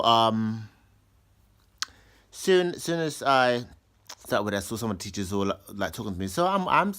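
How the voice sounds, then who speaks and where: A man's voice: lowish voice, a bit bright. Rambling man telling a story. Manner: rambling, full of restarts, acts out others' lines in raised voices. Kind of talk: casual storytime monologue.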